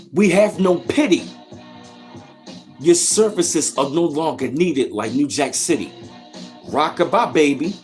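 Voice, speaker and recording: A man hosting his channel, ranting in heated reaction commentary with profanity and repeated rhetorical questions. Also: on the high side. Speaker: channel host.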